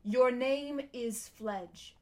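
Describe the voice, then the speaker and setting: A woman voicing a majestic, commanding male lion in a storybook reading, speaking slowly and gravely. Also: on the high side, close to an everyday voice.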